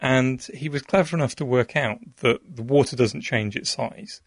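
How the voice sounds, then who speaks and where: A man with a gravelly edge to his voice explains the science behind an experiment patiently and step by step. The sound is close and dry. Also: mid-range voice, moderate pace, no echo.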